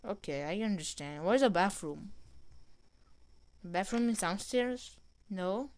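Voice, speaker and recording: A woman giving casual gameplay commentary, reading game dialogue aloud in an excitable way. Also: medium pitch, a little slow. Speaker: gamer.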